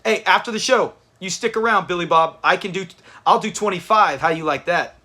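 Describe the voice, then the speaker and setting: A man's voice: sits high, a little fast, pushed and bright. A man hosting a live watch party, chatting with his viewers and laughing often as he reacts to a sitcom episode. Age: adult with kids. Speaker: livestream host.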